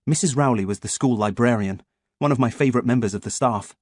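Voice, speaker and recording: A man reading an audiobook as first-person scripted narration, in a lively, expressive way. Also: mid-range voice, fast, no echo.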